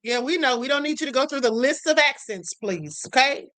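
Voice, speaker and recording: A woman hosts a livestream and reacts to clips. Her voice is high and bright, and she talks in a sassy, casual way, calling viewers honey and baby. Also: lively intonation, brisk. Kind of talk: casual commentary.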